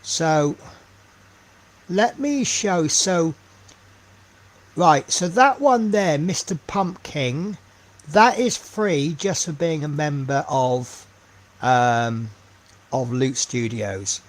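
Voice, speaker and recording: Man, unhurried, rambling hobby chat, slightly high voice. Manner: rambling, thinking aloud with many ums. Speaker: streamer painting miniatures. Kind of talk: casual live-stream chat while painting.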